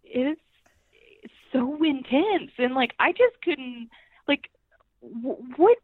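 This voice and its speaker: A woman's voice: high-pitched, lively intonation, takes it slowly, breathy edge, no room sound. A woman co-hosting a casual podcast chat, hesitant and full of fillers. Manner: hesitant, many likes and trailing thoughts. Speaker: podcast co-host. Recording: tinny phone-like line.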